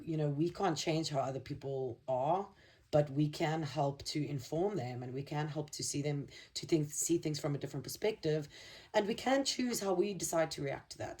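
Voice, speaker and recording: A woman giving a spiritual tarot card reading, earnest and halting as she searches for words. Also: low-pitched, dark tone, far from the mic. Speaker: tarot reader.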